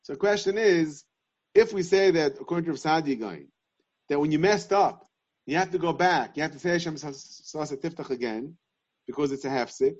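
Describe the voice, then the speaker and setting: A man giving a Talmudic lesson, reasoning aloud in halting, repeated phrases. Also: fairly high pitch, expressive, darkish tone. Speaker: Torah class teacher. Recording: dull lo-fi sound.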